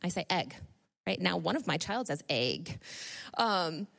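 A woman's voice: on the low side, normal speed, gravelly, fairly bright tone. A woman in her thirties from Northern New York giving an informal, chatty sermon full of personal stories, laughing often and restarting her sentences. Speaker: speaker at a church gathering.

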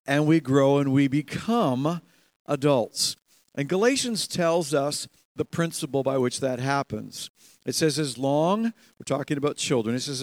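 A man with a slightly high voice delivering a sermon, animated and lively, often laughing as he acts out the voices in his stories. The sound is dry and close, with little room echo. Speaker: pastor.

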